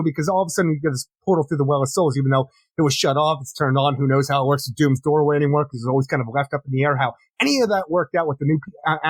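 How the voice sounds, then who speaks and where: A man co-hosting a comic book podcast, ranting quickly and acting out scenes with some swearing. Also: a little high, breathy edge, no room sound. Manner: fast ranting, acts out dialogue, swears. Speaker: podcast co-host. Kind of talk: casual comic review chat.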